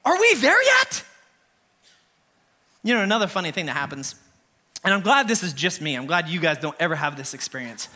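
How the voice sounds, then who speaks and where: A man in his thirties, a worship pastor preaching a sermon in church, animated and laughing as he acts out scenes. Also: on the high side, quick pace.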